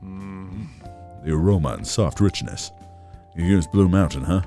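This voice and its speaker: A man voicing a stern middle-aged male café owner, reading game lines in a low, measured, dryly critical tone. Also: warm tone, soft background music. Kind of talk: reading game dialogue aloud in character.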